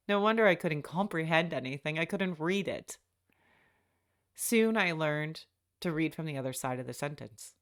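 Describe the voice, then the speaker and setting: A woman's voice: low-pitched, fairly bright tone. A middle-aged woman hosting a podcast, telling a personal story in a reflective, wry way and acting out the people she quotes. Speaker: podcast host.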